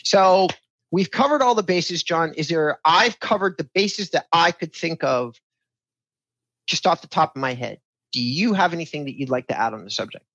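A man's voice: a little high, expressive, normal speed, fairly bright tone, no room sound, dull audio. A man hosting a podcast conversation about real estate, talking in an emphatic, sales-style way. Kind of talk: casual podcast talk.

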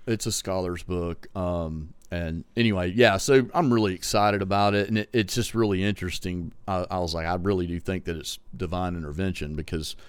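A man's voice: sits low, fairly even intonation, brisk, few pauses, clean tone, dry recording. A man with a West Texas drawl, co-hosting a podcast in casual chat, rambling with fillers and restarts. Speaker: podcast co-host.

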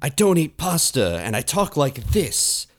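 A man playing an odd, slow-talking drifter with a deadpan drawl in an improvised comedy bit. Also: a little high.

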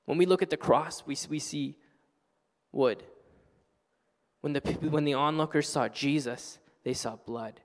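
A man preaching a sermon as pastor, earnest and passionate, building to loud exclamations. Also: on the high side, measured pace, pauses often, in a large hall. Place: church sanctuary.

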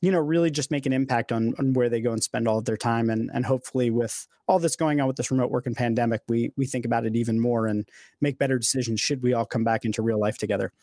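A fast-talking man hosting a casual podcast, speaking at a middle pitch. He sounds enthusiastic and loose, full of fillers and restarts. The voice is close and dry. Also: steady tone, warm tone, no room sound. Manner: enthusiastic, filler-heavy, repeats words. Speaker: podcast host.

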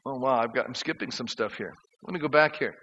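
A man's voice: mid-range voice, quick pace, bright, forceful tone, husky. A male pastor preaching a conversational sermon to his congregation, often asking them questions. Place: church sanctuary. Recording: dull sound in a reverberant church hall.

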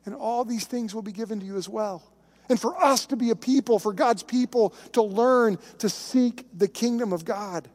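A man's voice: sits high, normal speed, a little mellow, long reverb tail. A man, a pastor, preaching a sermon in a conversational, emphatic way and telling stories.

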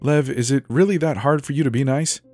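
A man's voice: medium pitch, sing-song, moderate pace, darkish tone, faint music behind, voice pushed up. A man voicing a bossy, urgent teenage girl who talks sharply and commandingly. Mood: chiding.

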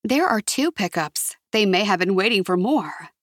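A woman's voice: mid-range voice, animated, moderate pace, dry recording, studio quality, lightly acted. A woman voicing a tense woman activist.

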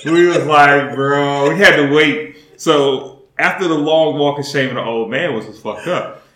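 A man's voice: fairly high pitch, unhurried, roomy sound. A man hosting a podcast, telling a story in casual chat, laughing and swearing as he goes. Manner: laughing, profane, animated retelling. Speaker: podcast host.

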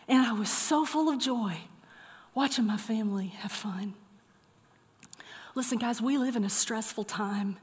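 A middle-aged woman preaching a sermon, moving from lively storytelling to soft, earnest encouragement. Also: mid-range voice. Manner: animated storytelling, then soft earnest exhortation. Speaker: pastor. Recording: long hall reverb.

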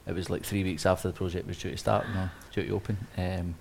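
A man, an interior designer, telling a lively story on a live panel, acting out quotes with many restarts. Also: low voice, fast talker, creaky, slightly rough. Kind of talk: anecdote on a live panel talk.

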